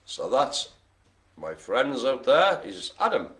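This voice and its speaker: A man's voice: mid-range voice, huge pitch swings, slow pace, fairly bright tone. A man hosting a live bingo game, chatty and jokey, full of playful asides. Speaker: bingo host. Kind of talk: live-streamed bingo calling.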